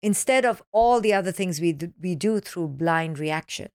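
A woman being interviewed as a parenting author, explaining ideas with acronyms and lively acted-out quotes. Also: on the low side, moderate pace, no room sound, clean studio sound. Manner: animated, acts out children's voices in quotes. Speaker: parenting author, podcast guest. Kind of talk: podcast interview.

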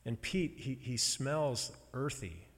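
A man preaches a personal sermon in slow, halting bursts, pausing between phrases as he builds feeling. His voice sits at an ordinary middle pitch. A long reverb trails his words through a large hall. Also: lively intonation. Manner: slow, halting, emotional storytelling with pauses.

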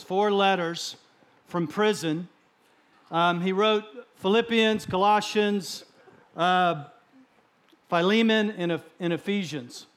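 A man's voice: high-pitched, fairly bright tone. A man from Texas, a guest speaker, preaching a sermon in a joking, conversational way in a church. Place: church sanctuary.

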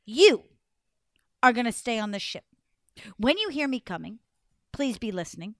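A woman playing a headstrong young princess heroine in a spoken storybook, firm and emphatic, high voice with big swings in pitch. The sound is close and dry. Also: very animated, moderate pace, dry recording.

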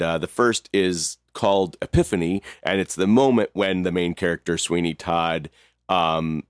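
A man co-hosting a casual talk about music, speaking thoughtfully with fillers and soft laughs. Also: deep voice. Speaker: podcast co-host. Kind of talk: casual chat.

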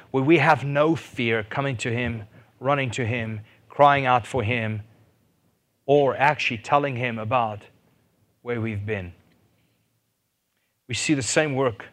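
A man preaching a sermon, animated, rising to loud fervent peaks and asking his listeners questions. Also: medium pitch. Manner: asks the audience questions and jokes.

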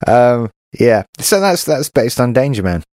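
A man's voice: medium pitch, big pitch swings, a little slow, darkish tone, no room sound. An English man co-hosting a podcast, chatting casually with wry, dry asides. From England. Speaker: podcast co-host. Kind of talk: casual chat.

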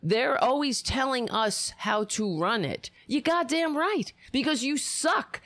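A woman's voice: a little high, a bit bright, dry recording. A woman hosting political commentary, indignant and sarcastic, stumbling over restarts as she rants.

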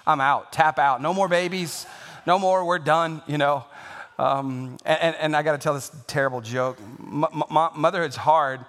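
A middle-aged man preaching a Mother's Day sermon in a self-deprecating, joking way, halting often with fillers. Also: medium pitch, fairly bright tone, in a large hall. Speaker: pastor.

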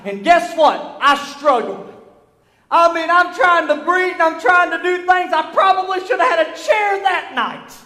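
A middle-aged man, preaching a sermon in a church, building from storytelling to fervent shouts. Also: extremely high pitch, lively intonation, measured pace. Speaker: pastor. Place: church sanctuary. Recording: echoey church hall.

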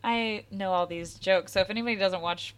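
A young woman co-hosting a podcast, talking softly and easily in casual chat. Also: mid-range voice, brisk, clean tone. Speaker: podcast co-host.

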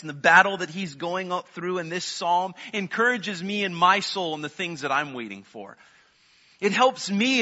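A pastor preaching an evening sermon in a conversational way, swinging from loud emphasis to quiet asides. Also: male voice. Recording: muffled low-fidelity recording.

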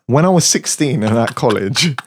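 A man's voice: mid-range voice, lively intonation, moderate pace, noisy background. A man who works as a studio engineer, telling stories in a casual interview with many fillers and frequent laughs. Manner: laid-back, anecdotal, laughs often, many fillers. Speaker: music studio engineer, guest.

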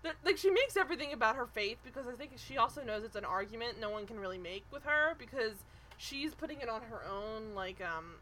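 A woman's voice: on the high side, expressive, brisk, pushed and bright, a little hiss or hum, rough recording. A woman co-hosting a podcast, chatting casually and animatedly as she recaps a show, swearing and mimicking people. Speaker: podcast co-host.

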